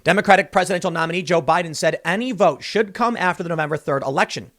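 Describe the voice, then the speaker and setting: High-voiced man doing political commentary. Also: fast, a bit bright. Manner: reads news excerpts, then breaks in with casual remarks; casual slang like "dude" and "man". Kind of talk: political commentary, reading news aloud.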